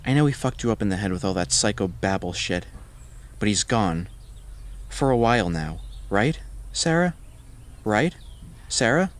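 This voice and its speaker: A man's voice: lowish voice, expressive, normal speed, long pauses, lightly acted. A man voicing a pushy woman neighbor who pries and speaks bluntly. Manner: prying, blunt.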